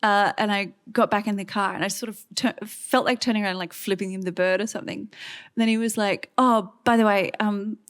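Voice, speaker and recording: A woman in her thirties with an Australian accent, a guest on stage telling a story in lively, chatty fashion with many fillers and acted-out quotes. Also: mid-range voice, a little fast. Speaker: guest author. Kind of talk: on-stage conversation. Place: stage event before an audience.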